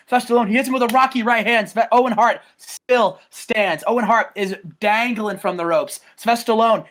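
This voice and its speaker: An excitable man tells a match story as casual play-by-play. He rambles, restarts his sentences and keeps switching names, then bursts into loud shouted quotes. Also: high voice. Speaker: host recapping a wrestling game simulation.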